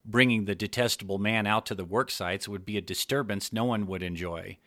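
Give me a male narrator with a bright, forward tone and a dry close sound. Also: lowish voice, brisk, no room sound. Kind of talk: scripted narration of an adult story.

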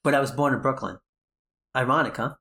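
A man's voice: medium pitch, fairly quick, sharp tone. Man, New York accent, podcast host, casual chat, rambling, joking, self-correcting. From New Jersey, US. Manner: rambling, joking, correcting himself mid-thought.

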